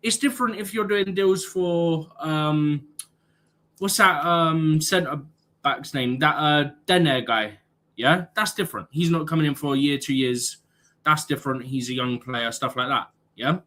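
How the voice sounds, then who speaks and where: A man's voice: on the high side, a little slow, sharp tone. A man co-hosting a football live stream, arguing his points and tagging "yeah?" onto them in casual chat.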